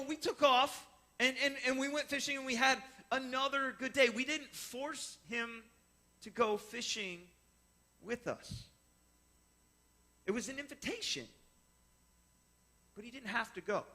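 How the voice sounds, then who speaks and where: A man's voice: very high-pitched, normal speed, pauses often. A man telling a personal fishing story, explaining step by step and acting out the voices of the people in it. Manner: animated, acts out voices in his story. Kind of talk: personal story told to listeners.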